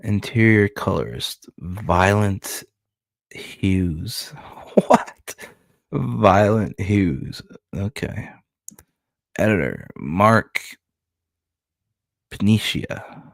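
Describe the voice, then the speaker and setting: Deep gravelly laid-back streamer guy. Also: lively intonation, drawn-out words, pauses often, no room sound. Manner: laid-back, swears freely, chuckles at credits. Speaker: streamer reading comics. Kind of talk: casual comic book reading commentary.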